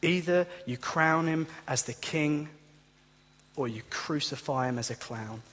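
Husky-voiced man preaching in a reverberant hall. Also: fairly high pitch, a little slow, fairly bright tone. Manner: impassioned preaching, direct address to listeners. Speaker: pastor. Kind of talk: sermon. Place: church.

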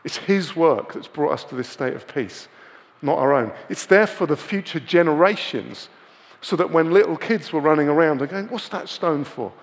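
A man delivers a sermon in a loose, conversational way, checking in with his listeners through rhetorical questions. His voice sits a little high for a man. The room carries a long, echoing tail behind him. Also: expressive, normal speed. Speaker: preacher.

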